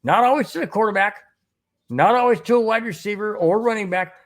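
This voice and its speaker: A middle-aged man hosts a live sports show from home, chatting loosely and often repeating himself as he restarts sentences. His voice sits a little higher than most men's. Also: a little fast. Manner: rambling, repeats words, reads chat aloud. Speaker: sports podcast host. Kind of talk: casual live-stream talk.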